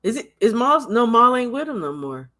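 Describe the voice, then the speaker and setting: A man hosting a casual livestream chat, animated and laughing often, tending to repeat himself. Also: very high voice, normal speed. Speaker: livestream host.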